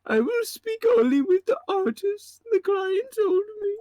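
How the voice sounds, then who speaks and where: A whiny falsetto fretful artist. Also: male voice, very animated, unhurried, warm tone, no echo, full character voice. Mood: anxious pleading. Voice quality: high strained whiny falsetto. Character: fretful timid middle-aged male artist.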